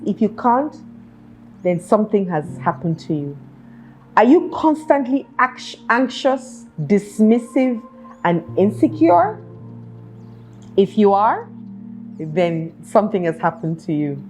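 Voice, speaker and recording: A woman's voice: mid-range voice, warm tone. A woman hosting a self-help talk show, earnestly asking her listeners one rhetorical question after another. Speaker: podcast host.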